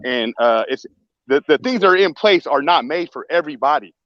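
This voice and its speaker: Brief: quick, impassioned man, dry dull lo-fi audio. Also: fairly high pitch, lively intonation, dry recording. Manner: impassioned, restarts phrases. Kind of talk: casual podcast chat.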